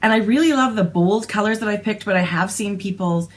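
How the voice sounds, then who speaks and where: A woman's voice: mid-range voice, brisk. A Canadian woman co-hosting a casual knitting podcast, talking in a gushing, enthusiastic way. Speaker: podcast co-host.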